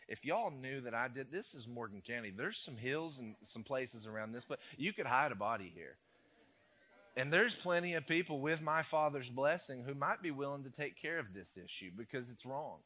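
Bright-voiced preacher, conversational. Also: male voice, mid-range voice. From United States. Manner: conversational storytelling with playful asides. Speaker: pastor. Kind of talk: sermon.

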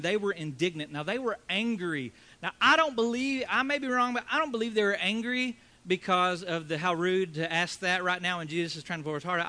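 A pastor delivers a sermon in a casual, conversational way. His voice sits high for a man and sounds bright and forceful. He acts out quoted lines and leads the congregation in call-and-response.

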